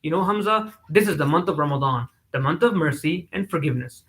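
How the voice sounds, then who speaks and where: A man playing a wise older sister, gentle and patient as she guides her brother. The voice stays high and bright. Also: lively intonation, fast talker, poor audio. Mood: advising. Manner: gentle, advising.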